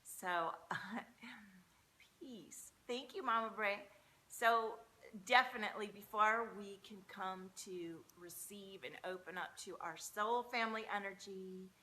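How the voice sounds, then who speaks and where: A woman's voice: mid-range voice, fairly even intonation, slow, sharp tone. Effusive spiritual woman on a live stream. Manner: breathy, effusive, spiritual talk. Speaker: tarot reader hosting a live stream. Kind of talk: casual live-stream chat. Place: large room with very high ceilings. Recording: muffled, echoey room sound.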